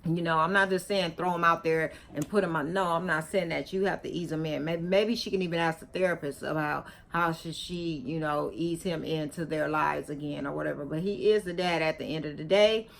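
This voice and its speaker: Chewing gum, a vlogger reacts to a video with slangy, casual talk, pressing her points emphatically and repeatedly in a preachy, scolding lecture. Her voice is low and a bit bright with vocal fry, a steady tone, a fairly quick pace, and few pauses.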